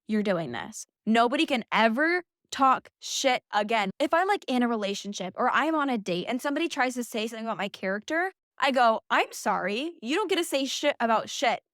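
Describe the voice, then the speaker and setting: Young woman vlogger with a slightly high voice, blunt and emphatic, casual pep talk, dry close recording. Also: a bit bright, no echo. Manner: blunt, swears freely, emphatic. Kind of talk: casual motivational talk to camera.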